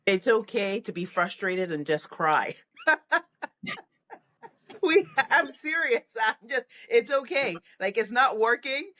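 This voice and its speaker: A middle-aged leadership coach appears as a podcast guest in a conversational interview, her voice fairly high, slow, and marked by long pauses. She tells stories animatedly, acting out kids' voices and laughing often.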